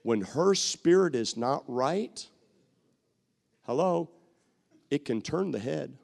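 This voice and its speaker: A man preaching a sermon, bantering with the congregation, repeating phrases for emphasis and sometimes shouting. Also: a little high, lively intonation, takes it slowly, vocal fry.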